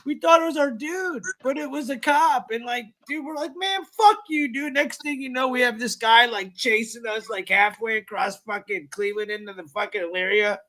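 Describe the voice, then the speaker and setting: A man's voice: extremely high pitch, steady tone, normal speed, few pauses, bright, forceful tone. A young man hosting a late-night livestream, telling stories in loose, profane casual chat full of fillers. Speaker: livestream host.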